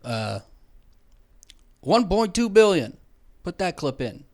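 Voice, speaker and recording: Young guy, podcast comic, a touch high-voiced, swearing, sarcastic rambling rant. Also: very animated, takes it slowly, a little mellow. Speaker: podcast host. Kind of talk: comedic rant. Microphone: headphones and studio mic.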